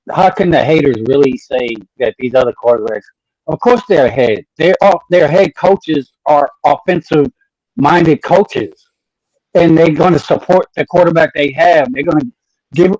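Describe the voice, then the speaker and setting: A man's voice: on the high side, a little mellow, dry recording, rough recording. A man jumping in eagerly on a podcast, rambling through his point. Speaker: podcast guest. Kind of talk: casual podcast chat.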